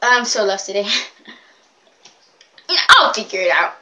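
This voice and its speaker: A woman's voice: mid-range voice, sing-song, measured pace, sharp tone. A young woman chatting in a rambling, giggly way in a casual vlog. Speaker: vlogger.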